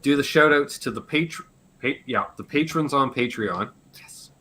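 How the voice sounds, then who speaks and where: A man with a slightly hoarse voice, hosting a casual live Q&A stream, rambling and joking and swearing offhand. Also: medium pitch, normal speed, crowd noise. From Canada. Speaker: livestream host.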